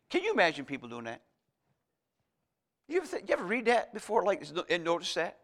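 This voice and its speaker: A very animated preacher with a high, bright, ringing voice talks fast but pauses often during his sermon. He hammers his message through paired contrasts, reading scripture aloud in between.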